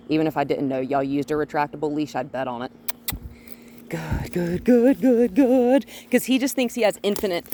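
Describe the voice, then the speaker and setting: Calm woman dog trainer explaining. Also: sits low, a little hiss or hum. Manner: calm and explanatory, with frequent cheerful praise for the dog. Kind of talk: hands-on training demonstration. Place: outdoors near a gate with a noisy HVAC unit.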